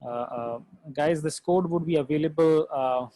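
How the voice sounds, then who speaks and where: A man with an Indian English accent teaching a live online coding class, reading out viewer comments, talking haltingly with many fillers and switching between English and Hindi. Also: fairly high pitch, warm tone, dry recording, poor audio.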